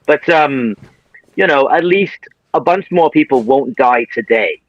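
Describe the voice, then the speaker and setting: Lively male guest on a lo-fi call. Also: mid-range voice, no echo. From New Zealand. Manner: animated, quick to joke. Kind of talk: casual chat over video call. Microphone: video call. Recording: dull lo-fi internet call.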